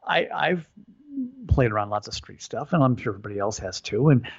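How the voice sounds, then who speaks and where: Lively laughing man on lo-fi audio. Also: on the low side, brisk, gravelly, slightly rough. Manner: laughs often, rambling storyteller. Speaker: podcast co-host. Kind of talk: casual chat.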